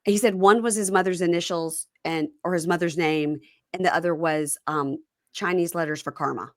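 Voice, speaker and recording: A woman's voice: on the low side, fairly even intonation, moderate pace, no echo, clean studio sound. A woman co-hosting a podcast, chatting casually as she retells a reality show episode. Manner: chatty storyteller, acts out quotes. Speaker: podcast co-host. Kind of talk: casual recap chat.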